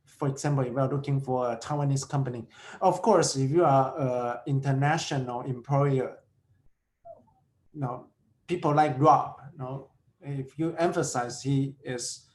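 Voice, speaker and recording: A man's voice: medium pitch, fairly even intonation, measured pace, a little mellow. A man giving an informal career workshop lecture, talking in a chatty way with rhetorical questions and frequent restarts. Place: lecture streamed online. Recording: echoey room.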